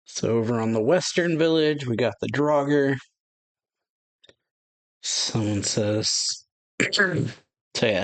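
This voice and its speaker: Man, casual, reading a comic out loud, chatty paraphrasing, trips over names, mid-pitched voice. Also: lively intonation, takes it slowly, pauses often, poor audio. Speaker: anime reaction channel host. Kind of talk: reading a manga chapter aloud with casual commentary.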